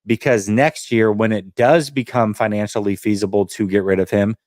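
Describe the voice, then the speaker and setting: Sports panelist, male, low-pitched, analytical, dry recording. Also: fairly even intonation, normal speed, darkish tone, dry recording. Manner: analytical, explains at length. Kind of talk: casual sports talk.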